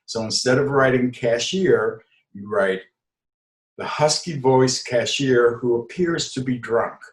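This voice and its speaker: An older man, a comedy writer and improv teacher, answering interview questions and slipping into quick character voices to make his points. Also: medium pitch, reverberant, rough recording.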